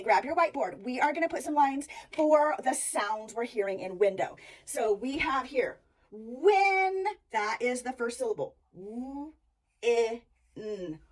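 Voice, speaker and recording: Woman, teacher, instructional talk, calls out and stretches words, higher voice, mic a bit distant. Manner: demonstrates sounds by calling words out loud.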